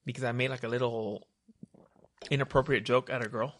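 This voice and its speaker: A man's voice: mid-range voice, fairly even intonation, brisk, a bit bright. A young man telling a long story in casual chat, rambling and profane, with lots of "dude" and "hella". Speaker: podcast co-host telling a story.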